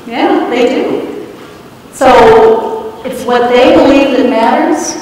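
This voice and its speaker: A middle-aged woman giving a parenting talk to a live audience, telling stories in a lively, playful way and putting questions to the room. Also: fairly high pitch, a little hiss or hum. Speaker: parenting speaker. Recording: echoey hall, heard from a distance.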